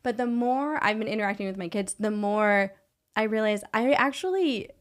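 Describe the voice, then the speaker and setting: A woman hosting a podcast, telling a personal story in a casual, animated way and acting out the dialogue she quotes. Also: medium pitch, normal speed. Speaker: podcast host.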